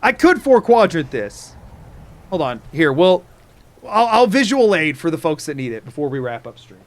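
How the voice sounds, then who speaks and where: A man's voice: on the high side, very animated, moderate pace. Playful rambling male streamer. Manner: playful, rambling, repetitive wordplay. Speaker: game streamer. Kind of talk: casual live-stream chat.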